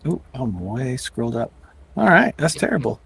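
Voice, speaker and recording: A man's voice: medium pitch, sing-song, normal speed, gravelly, a bit bright, breathy edge. A man narrating as game master of a tabletop game, rambling with frequent restarts.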